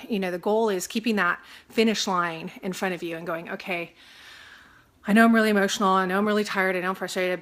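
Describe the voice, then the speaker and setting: A woman's voice: lowish voice, a bit bright. A woman from Texas who works as a real estate agent, talking casually to camera, chatty with lots of fillers and acting out her clients' voices. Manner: faith-minded, mentions praying.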